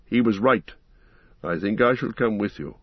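A man voicing an ancient male wizard, speaking in a grave, measured and authoritative way. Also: lowish voice, no room sound, highs cut off, close to an everyday voice.

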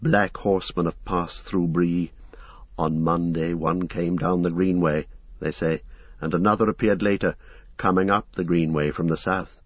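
A man's voice: sits low, fairly even intonation, no echo, lo-fi sound. A man doing Strider, a grim watchful ranger. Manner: measured, guarded, grim. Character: wary grim male ranger, weathered and watchful. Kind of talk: audiobook character voice.

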